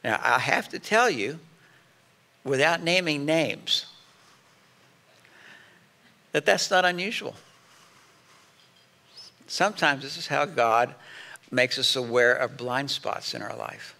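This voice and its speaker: Gravelly, bright-voiced middle-aged male pastor. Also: mid-range voice. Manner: conversational preaching with quoted example lines. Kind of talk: sermon.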